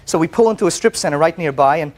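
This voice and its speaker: A man testifying as plaintiff on a courtroom show, telling his story in an animated way, often stammering and repeating words. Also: on the high side, rapid-fire. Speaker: plaintiff in a TV small-claims case. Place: TV courtroom set.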